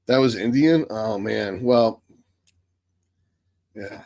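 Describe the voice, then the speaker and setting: A man's voice: lowish voice, extremely slow, gravelly, pauses often, a little mellow, no echo. An American man hosting a live Q&A stream, reading viewer questions aloud and answering them bluntly with a lot of swearing. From United States.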